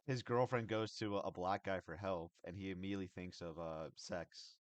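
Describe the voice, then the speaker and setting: A man hosting a podcast in casual reaction chat, halting and restarting as he thinks aloud and reads chat. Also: deep voice, fairly even intonation, dry recording. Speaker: podcast host.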